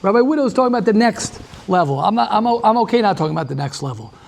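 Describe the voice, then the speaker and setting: Animated rabbi teaching a class. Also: male voice, high-pitched, rapid-fire, gravelly. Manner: animated, repeats phrases, restarts often. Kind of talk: lively Torah class with audience questions.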